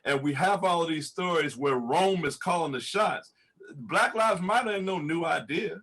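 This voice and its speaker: A man's voice: on the high side, moderate pace, fairly bright tone. A man who is a pastor, speaking fervently on a panel, laughing often and repeating words when stirred. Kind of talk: impassioned panel testimony.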